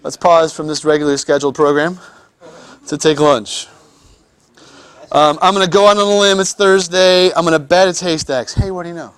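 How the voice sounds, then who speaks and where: A man's voice: a little high, steady tone, moderate pace. A man teaching anatomy in a classroom lecture, joking with students and often repeating words as he restarts.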